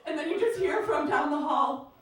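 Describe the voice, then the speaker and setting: High, lively woman doing stand-up in an echoey club. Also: normal speed, distant mic, noisy background. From American Midwest. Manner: chatty, self-deprecating, breaks into laughter. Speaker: stand-up comedian. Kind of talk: stand-up comedy set. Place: comedy club stage with audience.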